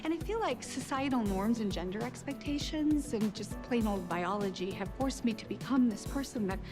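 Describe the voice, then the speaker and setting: A woman's voice: a little high, expressive, moderate pace, music in the background, natural voice. An actress playing an unhappy young mother in a film, talking in a confessional, self-deprecating way with nervous laughs.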